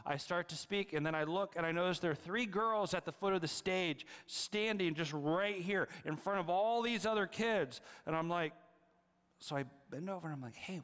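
A middle-aged man preaching a sermon as pastor, moving between hushed, prayerful near-whispers and lively storytelling. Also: high-pitched, smooth. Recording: long hall reverb.

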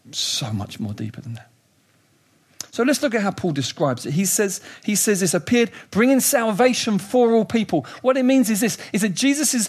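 Man, middle-aged preacher, high-pitched voice, emphatic sermon delivery. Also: slightly rough. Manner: animated, emphatic, shifts between quiet reflection and raised urgency.

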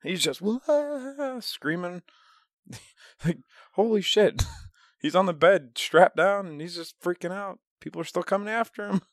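Animated, swearing Midwestern man. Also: high voice, normal speed, dry recording, clean studio sound. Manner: animated storyteller, swears a lot, laughs often. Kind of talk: casual podcast chat.

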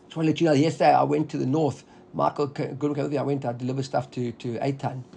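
A man's voice: medium pitch, fast, gravelly, a little hiss or hum. A man teaching a Talmud class, explaining step by step and checking in with "right?". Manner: animated, explaining with frequent "right?".

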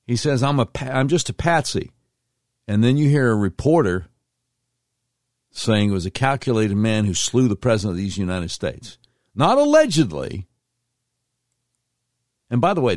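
Man, talk radio host, lowish voice, dry studio sound, incredulous, emphatic. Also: a little mellow, no echo.

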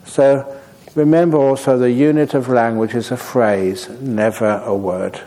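A man, a Buddhist monk, answers questions from his audience in a relaxed dharma talk. His voice is mellow and warm, never bright. He moves easily between teaching points and humorous, unhurried anecdotes. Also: mid-range voice, rough recording. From Australia.

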